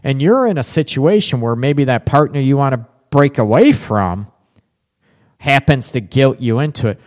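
A man's voice: mid-range voice, animated, moderate pace, a little mellow. Chatty man hosting a relationship show. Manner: casual, chatty, reads viewer comments aloud. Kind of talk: live call-in advice talk.

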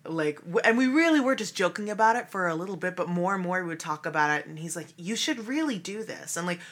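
Helle, kräftige Frauenstimme im Gespräch. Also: female voice, fairly low pitch, animated, fast talker, fairly bright tone. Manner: chatty, laughing often, many fillers. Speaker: musical theatre actress and cabaret creator. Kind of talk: casual interview chat.

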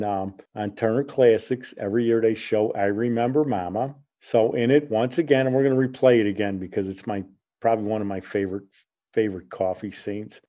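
A man's voice: lowish voice, highs cut off. Chatty radio host in his sixties. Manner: chatty, lively when amused. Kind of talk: casual storytelling.

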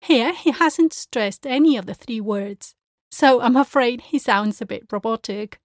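A woman teaches pronunciation, demonstrating each sound clearly and carefully. Her voice sits a little high, recorded close and dry with no echo. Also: a little slow. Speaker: language teacher. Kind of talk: pronunciation lesson.

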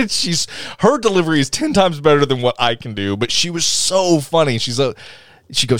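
A man, co-hosting a casual movie podcast. His pitch swings widely as he laughs and acts out scenes. The sound is dry and close. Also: a little fast, no room sound. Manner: animated, laughs often, acts out movie lines. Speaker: podcast co-host. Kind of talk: casual movie review chat.

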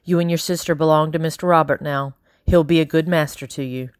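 A woman reading an audiobook, voicing a measured, disapproving male pastor. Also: deep voice, steady tone, clean tone, dry recording, studio quality, natural voice. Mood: dismissive. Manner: measured, prim, dismissive.

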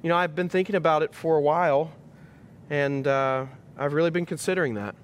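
A man's voice: on the high side, a little fast, a little hiss or hum, close to an everyday voice. A man voicing a hesitant young groom who stutters and gives noncommittal answers.

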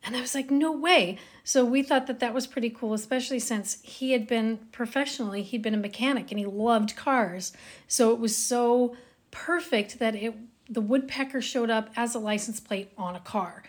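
A woman co-hosting a podcast, telling a story in a relaxed, reflective chat and often trailing off softly. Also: fairly high pitch, normal speed. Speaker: podcast co-host.

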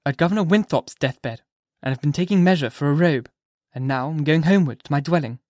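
Composed, quiet disgraced woman, slightly raised voice, played by a male narrator; storybook reading. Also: on the high side, a little fast, dry recording, clean studio sound, close to an everyday voice. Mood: calm. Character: calm, steady woman in disgrace. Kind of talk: audiobook dialogue.

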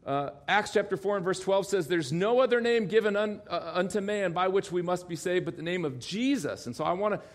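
A man's voice: sits high, lively intonation, brisk, few pauses. A male pastor preaching a sermon, telling a story with quoted dialogue and bursts of laughter.

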